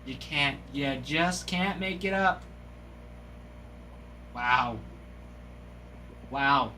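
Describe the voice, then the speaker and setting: A man hosting a live trading card break, giving excited, gushing commentary as he reveals each card. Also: medium pitch, drawn-out words, a little hiss or hum.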